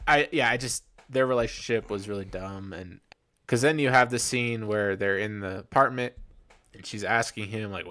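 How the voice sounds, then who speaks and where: A man's voice: fairly low pitch, moderate pace, bright, forceful tone. Rambling young man reviewing a movie. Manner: rambling, restarts, mock quotes of characters. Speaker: podcast co-host. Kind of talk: casual movie review chat.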